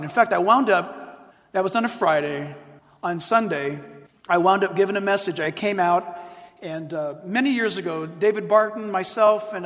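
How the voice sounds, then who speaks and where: High-voiced pastor preaching in a reverberant hall. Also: male voice. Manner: animated storytelling, emphatic repetition. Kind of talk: sermon to a live audience.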